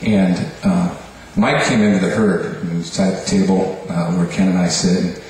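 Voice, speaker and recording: A church worship leader with a low, darkish voice introduces the next speaker to the congregation at normal speed and in a steady tone. The casual intro is rambling, hesitant and full of fillers, recorded from far off in an echoey hall with a faint hum.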